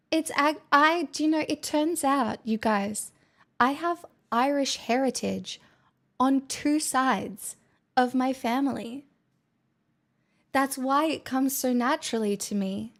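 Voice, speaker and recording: Giggly, slow-talking woman streamer. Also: high-pitched. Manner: playful, giggly, teasing. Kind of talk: casual chat.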